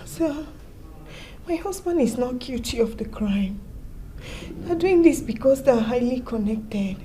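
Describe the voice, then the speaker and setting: An actress playing a distressed young newlywed wife who speaks tearfully with a Nigerian accent. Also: female voice, a little high, lively intonation, measured pace, mellow, slight background noise. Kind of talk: Nollywood film acting.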